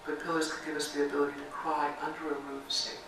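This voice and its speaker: A woman's voice: low voice, little pitch movement, rapid-fire, noisy background. A woman minister giving a reflective sermon and leading her congregation in guided meditation, speaking in a church sanctuary. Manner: reflective, leads call-and-response chanting. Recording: very echoey sanctuary, mic far off.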